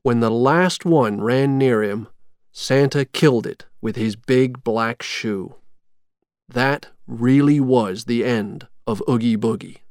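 A storyteller reading a storybook aloud in a slow, clear, expressive way. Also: mid-range voice, no room sound, studio quality. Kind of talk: scripted storybook narration.

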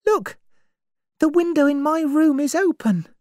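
A woman's voice: high-pitched, lively intonation, measured pace, a little mellow, dry recording, clean studio sound, voice pushed up. A woman voicing a frightened young woman in an audiobook reading, speaking anxiously and pleadingly. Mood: alarmed. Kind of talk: storybook reading.

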